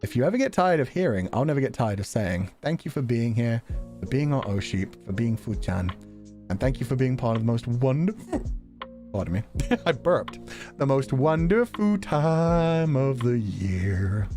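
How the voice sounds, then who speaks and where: A male streamer chats casually and jokes, laughing often between thoughts. His pitch is middling but very lively. Faint music plays softly behind him. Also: moderate pace. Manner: animated, laughs often, jokey. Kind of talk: casual livestream chat.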